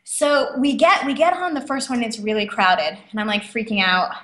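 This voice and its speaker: A woman telling stories as an interview guest, lively and quick with lots of fillers. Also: fairly high pitch. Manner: animated, quick, many fillers and acted quotes. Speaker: guest, author and speaker. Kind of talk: casual interview storytelling. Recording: echoey room.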